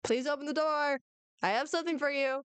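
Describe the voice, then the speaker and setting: A woman's voice: high-pitched, fairly even intonation, a little fast, no echo. Woman doing a flustered giant of a father. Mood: pleading. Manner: coaxing, soft-spoken.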